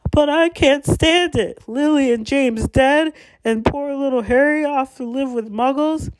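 A woman voicing a huge, shaggy, soft-hearted male gamekeeper who sobs and keeps calling people sir. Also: high voice, measured pace, pitched above the performer's own voice. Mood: sobbing. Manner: emotional, deferential, calls everyone sir. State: sobbing.

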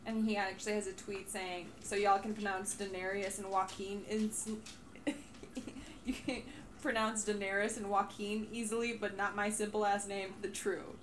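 A young woman co-hosting a podcast in casual chat, animated and laughing, slipping into playful quoted voices. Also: mid-range voice, moderate pace, a little hiss or hum. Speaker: podcast co-host.

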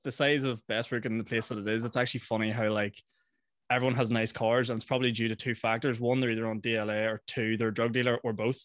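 A man's voice: medium pitch, level tone, fast talker, fairly bright tone. A young man with a Northern Irish accent hosting a podcast, asking easygoing questions and laughing often. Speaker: podcast host. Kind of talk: casual podcast chat.

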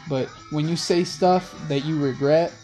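A young man hosting a rambling late-night monologue in laid-back slang, with soft music playing behind him. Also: fairly high pitch, fairly even intonation, a little slow. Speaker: host. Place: in a car.

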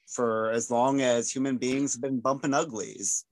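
A man with an American accent hosting a casual podcast discussion, animated and jokey. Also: medium pitch, measured pace, dry recording. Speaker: podcast host.

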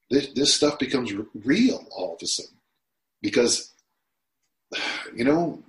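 A man in his sixties being interviewed on a podcast, talking in a reflective way that turns emotional at times. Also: medium pitch. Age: 60s. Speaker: guest. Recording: roomy echo.

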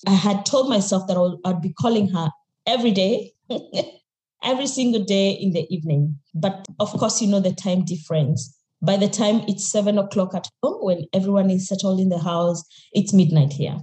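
Interview guest, young Kenyan woman, mellow and candid, echoey room sound. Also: medium pitch, moderate pace. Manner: reflective, candid, frequent laughs and restarts. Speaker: podcast guest. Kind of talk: podcast interview.

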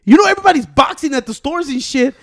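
A man with a strikingly high voice rattles off his stories quickly. He co-hosts a crude, casual chat, teasing his friends and swearing at every turn. His talk rambles from one tale to the next. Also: animated. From Chicago area, USA. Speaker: podcast co-host.

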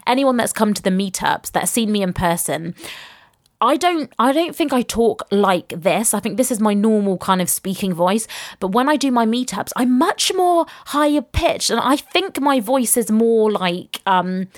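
A woman's voice: on the high side, expressive, moderate pace, dry recording, studio quality. A young adult woman hosting a casual solo podcast, chatty and upbeat, laughing often as she gives motivational business advice. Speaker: podcast host and business coach.

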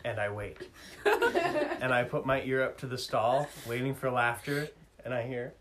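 A man's voice: mid-range voice, normal speed. A young man tells a comic story in a casual, self-mocking way. His voice sits in an average range, and he often laughs through the telling. A faint background hiss runs under his voice.

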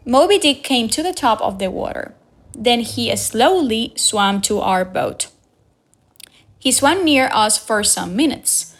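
Slow-reading woman narrator. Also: fairly high pitch. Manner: slow, even storytelling read with raised voices for quoted lines. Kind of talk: scripted audiobook narration.

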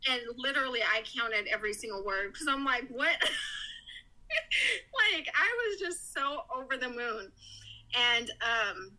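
A woman's voice: on the high side, a little slow, pauses often, low-quality recording. A mother as a podcast guest, telling an emotional story and acting out what others said. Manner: animated, quoting others in lively voices.

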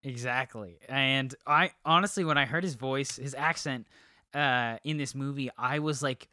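A man's voice: mid-range voice, normal speed, sharp tone, dry recording, clean studio sound. A man co-hosting a movie podcast, chatting casually with many ums and restarts. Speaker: podcast co-host. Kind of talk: casual chat.

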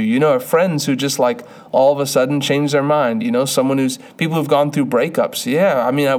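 A man's voice: medium pitch, darkish tone. A young man giving an earnest, conversational sermon, often restarting his sentences. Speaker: preacher.

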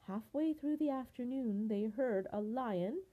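An older woman, a grandmother, reading a picture book aloud in an expressive, unhurried way. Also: a little high, narrow, tinny audio.

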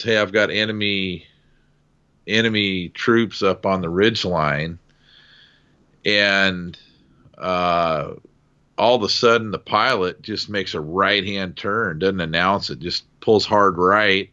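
A very low-voiced man with a bright, forceful edge tells a war story in relaxed, salty conversation. The sound is a little dull and lo-fi. He punches up the quoted shouts from his story. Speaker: military aviation veteran, former door gunner.

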